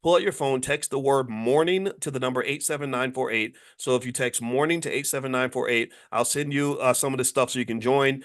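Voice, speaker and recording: A man's voice: mid-range voice, a little fast, few pauses, fairly bright tone. A man in his fifties hosting a motivational livestream talk about money. He speaks emphatically, repeats phrases and checks in with his audience. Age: 50s. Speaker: host and finance educator.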